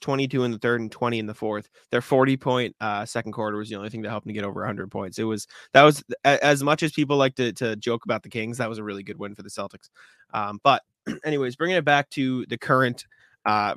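A man co-hosting a sports podcast, talking fast in casual chat, often repeating words and clearing his throat. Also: medium pitch, fairly bright tone, dry recording, clean studio sound.

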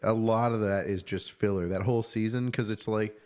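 A man's voice: on the low side, fairly even intonation, normal speed, darkish tone, clean tone. A man co-hosting a casual podcast, blunt and profane in his opinions. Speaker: podcast co-host. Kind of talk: casual chat.

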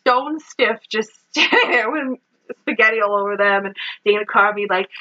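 A woman co-hosting a podcast, recapping a movie in animated casual chat, laughing often and saying "like" a lot. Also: mid-range voice, normal speed, lo-fi sound. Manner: animated, laughing, heavy use of "like". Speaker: podcast co-host.

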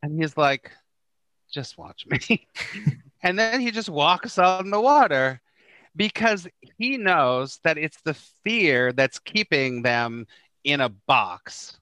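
A man's voice: on the high side, takes it slowly, clear, resonant tone, dry recording. A middle-aged man, a spiritual teacher and guest, talking casually and acting out the quotes in his stories. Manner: animated storyteller who acts out quoted lines. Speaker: Course in Miracles teacher, podcast guest.

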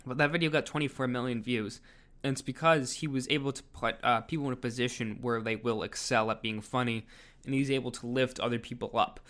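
A man's voice: medium pitch, steady tone, a little fast, fairly bright tone. A man giving casual video commentary, rambling with lots of fillers. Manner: rambling, filler-heavy delivery.

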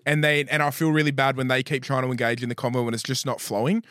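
A man trading loose, profane banter as a podcast co-host. His voice is mid-pitched and sits close and dry on the mic, with no room around it. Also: little pitch movement, quick pace, fairly bright tone, dry recording. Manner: swearing, laughing banter. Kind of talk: casual chat.

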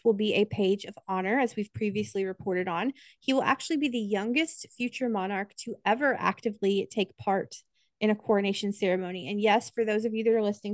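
A woman's voice: medium pitch, no room sound. American woman co-host, casual and sincere, dry close mic. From United States. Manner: chatty, earnest, gets emotional. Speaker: podcast co-host. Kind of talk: casual podcast chat.

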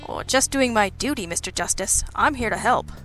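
A man's voice: sits high, moderate pace, pushed and bright, soft background music. A woman reading a storybook voicing a clumsy, nervous male police sergeant who is eager to please. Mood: fretful. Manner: anxious, fluttery and earnest.

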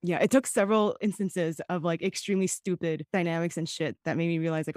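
A woman's voice: fairly low pitch, steady tone, quick pace, hardly any pauses, darkish tone, no echo, clean studio sound. A woman co-hosting a podcast in casual chat, candid and swearing freely, often laughing as she talks. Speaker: podcast co-host.

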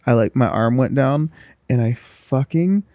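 A man's voice: mid-range voice, animated, a little slow, mellow, no room sound, studio quality. Rambling young man telling a story. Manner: loose, swearing storyteller with lots of restarts. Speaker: podcast co-host. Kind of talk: casual chat.

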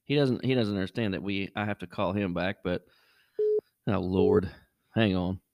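Animated man telling a story, dry sound. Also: moderate pace, dry recording. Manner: animated, jumps high when acting out quotes. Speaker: podcast host. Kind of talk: casual storytelling.

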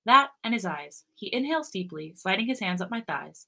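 A woman podcast co-host reading romance fan fiction aloud, expressive and sometimes breaking into giggles. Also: mid-range voice, fairly quick, gravelly.

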